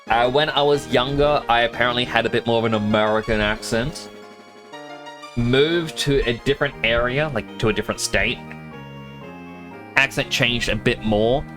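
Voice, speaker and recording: A man's voice: mid-range voice, moderate pace, low-quality recording. A young man with a mixed Australian accent chatting casually on a game live stream, rambling and laughing often. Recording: game music playing underneath. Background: game music.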